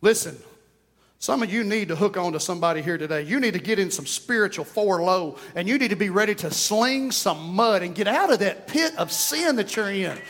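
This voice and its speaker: A man's voice: sits high, animated, brisk, fairly bright tone. A man with an East Texas accent, a pastor preaching a folksy, joking, conversational sermon in church. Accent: East Texan. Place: church sanctuary.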